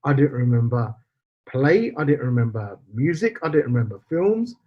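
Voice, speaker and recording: A man's voice: medium pitch, animated, moderate pace. A man, telling a personal story as a podcast guest, acting out quoted dialogue and slipping in Punjabi phrases. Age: 40s. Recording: slightly dull lo-fi podcast audio.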